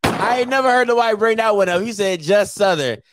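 A male radio host taking calls, jokey and animated. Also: very high voice, fast talker, background noise. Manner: jokey, animated, laughs easily. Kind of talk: call-in radio talk.

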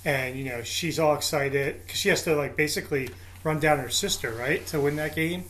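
A man's voice: fairly high pitch, moderate pace, a bit bright, slight background noise. A man with a somewhat raised voice chats casually about films. He sounds openly enthusiastic and unashamedly sentimental about the scenes he loves. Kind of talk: casual chat about movies.

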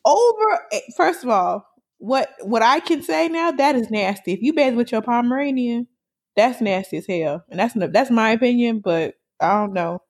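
Woman, slightly higher voice, animated storyteller, laughs, swears casually; podcast chat. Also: normal speed.

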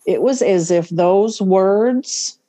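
Mellow-voiced woman telling a story. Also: mid-range voice. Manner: storytelling, laughs often, slows to stress words. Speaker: podcast co-host. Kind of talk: casual faith podcast chat.

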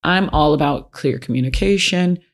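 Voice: medium pitch, normal speed. A self-help speaker giving casual, plain-spoken advice from personal experience, often repeating key points for emphasis.

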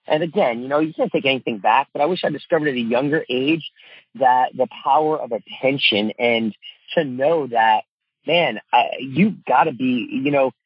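A man's voice: medium pitch, moderate pace, breathy edge, no room sound, dull audio. A middle-aged man, a father and coach, talking earnestly in a casual interview, with lots of fillers. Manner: earnest, heartfelt, many fillers like "you know" and "man".

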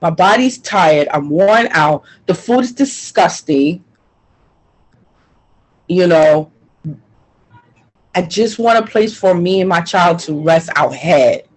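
A woman's voice: mid-range voice, husky, poor audio. A woman being interviewed, talking in an emphatic, frustrated way and repeating her points. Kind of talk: personal testimony interview.

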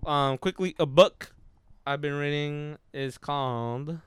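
A man's voice: on the high side, takes it slowly, a bit bright, smooth, no room sound. A young man co-hosting a casual podcast chat, rambling and swearing as he retells a book he's reading. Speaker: podcast co-host.

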